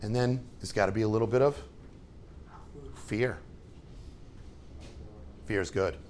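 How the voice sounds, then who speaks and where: A man's voice: on the low side, a little slow, a little mellow, a little hiss or hum. A man, a rabbi giving an informal, joking lesson to his students and tossing questions at the class.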